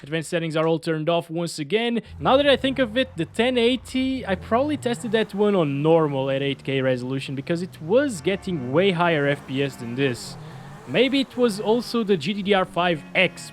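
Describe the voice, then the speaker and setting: A man hosting a gaming channel, giving casual, chatty gameplay commentary that is excitable and full of laughter. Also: on the high side, a little hiss or hum.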